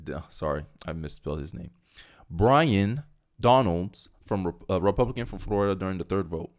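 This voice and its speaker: A young man hosting a casual political commentary video, reading news aloud and reacting with animated, conversational asides. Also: deep voice, fast talker. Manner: animated and conversational, slipping into mocking voices.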